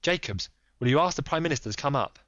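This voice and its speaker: Anxious excitable minister, read by a man, urgent and emphatic, muffled dry sound. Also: a little high, fast, no echo. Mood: eager. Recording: dull dry recording.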